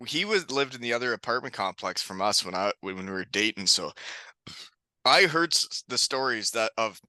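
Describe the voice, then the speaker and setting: Bright, lively-pitched man hosting a chat. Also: normal speed, no echo. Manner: animated, laughs often. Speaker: podcast host. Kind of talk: casual chat.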